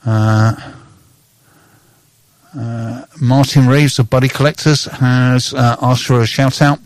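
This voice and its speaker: A man hosting a casual radio chat, reading tweets aloud, joking and pausing with plenty of fillers. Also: medium pitch, steady tone, no echo. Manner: joking, hesitant, many fillers. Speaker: host.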